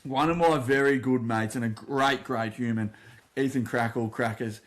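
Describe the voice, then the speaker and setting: A man's voice: mid-range voice, normal speed. Australian man spinning a footy yarn. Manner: animated yarn-spinner, quotes others loudly, laughs through stories. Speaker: podcast co-host. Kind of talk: casual storytelling chat.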